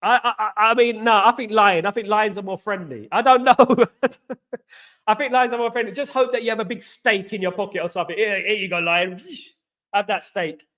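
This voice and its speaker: Running a laid-back football live stream, the host talks with viewers, reads out their comments, and tends to ramble and repeat himself. His voice sits high, brisk and fairly bright.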